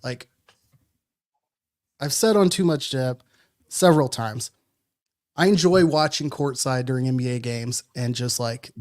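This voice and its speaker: A man in casual sports talk, rambling through jokes and asides, stacking filler words. His voice sits at an ordinary middle pitch. The talk is loose and conversational. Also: unhurried, pauses often. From Madison, Wisconsin. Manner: rambling, jokey, many fillers. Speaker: podcast co-host.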